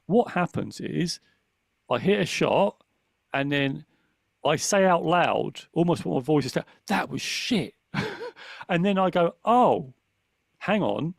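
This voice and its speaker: A man's voice: on the high side, lively intonation, a little slow, gravelly, dry recording. A man co-hosting a podcast, talking earnestly and reflectively in casual chat, often checking in with "right?". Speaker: podcast co-host.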